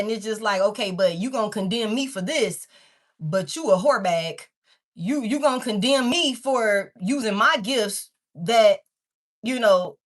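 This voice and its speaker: Lady doing a tarot reading for her viewers, kinda high voice, rambly and blunt, cusses a lot. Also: a bit bright. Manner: rambling, candid, swears freely; talks straight to viewers, calls them baby and y'all. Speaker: tarot reader. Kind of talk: casual tarot reading to camera.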